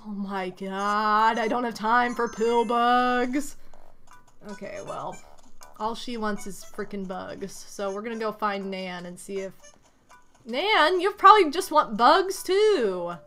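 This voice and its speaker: Bright-voiced woman streamer, slow-talking. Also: fairly high pitch, expressive, faint music behind. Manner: reads villager lines aloud, bursts into loud exasperated outcries. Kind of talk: casual gameplay commentary.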